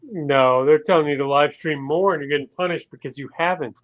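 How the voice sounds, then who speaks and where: A man's voice: a little high, brisk. A man co-hosting a casual livestream chat, full of joking, playful banter.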